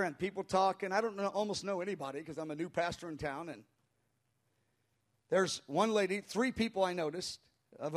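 A man pastor telling a story in a sermon before a live congregation, animated and halting, crying out when he acts out quoted voices. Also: high-pitched. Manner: halting with frequent restarts.

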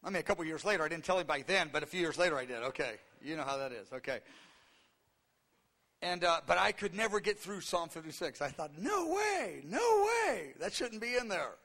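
A man in his fifties preaches with a high, bright and forceful voice that carries a long hall reverb. He is animated and acts out the voices in the story, suddenly leaping up in pitch, then dropping into low asides. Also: quick pace. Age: 50s. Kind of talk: sermon.

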